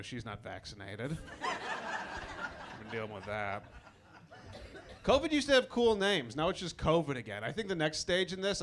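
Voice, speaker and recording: A man of middle pitch doing stand-up in a comedy club, his delivery casual and wry. He tells his stories conversationally and keeps undercutting himself with quick asides. Faint room ambience sits under his handheld stage mic. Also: noisy background. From Chicago.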